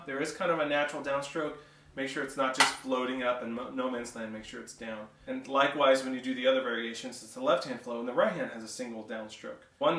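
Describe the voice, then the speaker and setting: A man's voice: mid-range voice, very noisy. A male drumline instructor explaining snare rudiments and counting rhythms aloud between demonstrations. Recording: roomy echo, distant mic, loud clatter.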